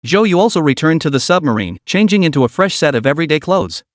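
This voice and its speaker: A man reading a scripted story recap as narrator, with a lively storytelling delivery. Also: a little high, fast talker, no room sound, studio quality.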